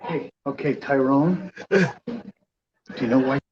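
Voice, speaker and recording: A man playing a calm male intervention counselor in a comedy sketch, soothing and coaxing, on a dull lo-fi recording. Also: medium pitch, measured pace, breathy edge. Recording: dull lo-fi clip.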